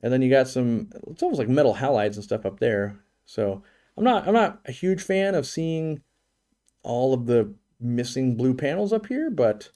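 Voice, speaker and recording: A man's voice: medium pitch, warm tone. A man hosting a live stream, giving a casual, joking commentary on a virtual home tour and thinking aloud with many restarts.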